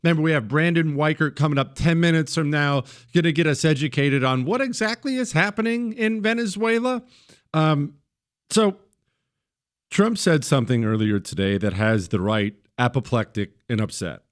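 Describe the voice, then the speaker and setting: Emphatic talk radio host. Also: male voice, on the high side, moderate pace. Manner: conversational, emphatic, repeats points for effect. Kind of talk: conservative talk radio monologue.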